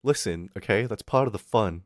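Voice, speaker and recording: A young man chats loosely on a livestream, cursing and chuckling as he rambles. His pitch swings widely, rising and falling as he talks. The sound is close and dry. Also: animated, a little fast, dry recording. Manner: rambling, profane, laughing often. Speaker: streamer. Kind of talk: casual livestream chat.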